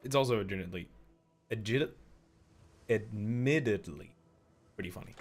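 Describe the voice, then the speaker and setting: A man's voice: on the low side, moderate pace, soft background music. A man in his twenties chatting casually and self-deprecatingly while streaming a game live, often stumbling over his words. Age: 20s. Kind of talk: casual live gameplay commentary.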